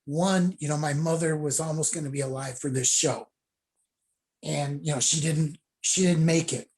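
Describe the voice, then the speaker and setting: A man's voice: fairly high pitch, steady tone, moderate pace, darkish tone. A middle-aged man, a judo sensei, telling rambling stories casually on a video call. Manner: rambling anecdotes with laughs and acted quotes.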